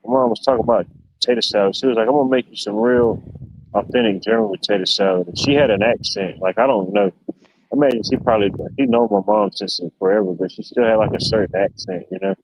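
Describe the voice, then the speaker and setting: A laid-back man with a low voice hosts a livestream, chatting casually and talking fast as he tells rambling stories packed with fillers. The stream audio sounds dull and lo-fi, with a slight hiss or hum.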